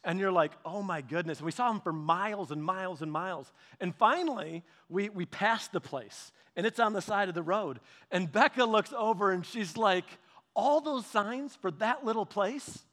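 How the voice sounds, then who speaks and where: A man preaching a sermon, telling stories with lively repetitions and restarts. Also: high-pitched, normal speed, few pauses. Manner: animated storytelling with repetitions and restarts. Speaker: pastor. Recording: long hall reverb.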